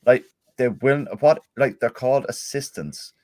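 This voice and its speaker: A man's voice: mid-range voice, a little slow, darkish tone, no room sound, clean studio sound. A man co-hosting a casual football podcast, chatting and reading out listener messages. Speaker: podcast co-host.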